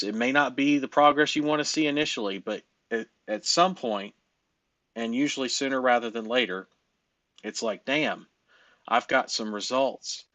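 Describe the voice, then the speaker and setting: A man's voice: medium pitch, a bit bright, no echo. A man coaching on a casual group call, emphatic and loose-talking, swearing and laughing often.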